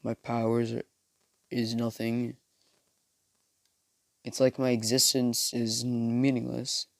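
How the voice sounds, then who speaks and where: A man voicing a gentle, downcast schoolboy who speaks softly and low-key. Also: little pitch movement, slow pace, creaky, dry recording. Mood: resigned.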